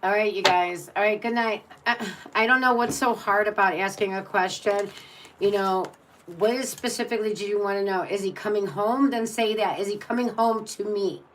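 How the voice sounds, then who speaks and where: A woman's voice: medium pitch, normal speed, fairly bright tone, a little hiss or hum, rough recording. Blunt, rambling woman tarot reader. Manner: blunt, exasperated, rambling with many restarts. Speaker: tarot reader on a live stream. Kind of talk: casual live-stream chat.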